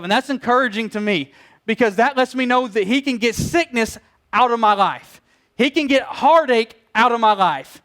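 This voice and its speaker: A middle-aged pastor, preaching a sermon, telling stories and acting out quoted voices in an animated way. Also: male voice, sits high, moderate pace.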